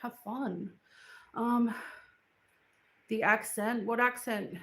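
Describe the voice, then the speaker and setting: This Queensland woman draws out her words in a slightly high, fairly bright voice as she bluntly answers viewers during a casual home livestream. The audio is poor and sounds roomy, recorded indoors at home.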